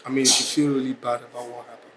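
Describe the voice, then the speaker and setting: A man's voice: medium pitch, level tone, fast talker, noisy background, close to an everyday voice. An actor with a Nigerian accent playing a friend who firmly reasons with and lectures a hot-tempered man. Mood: reasoning. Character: level-headed male friend scolding a hot-tempered man. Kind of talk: film drama acting.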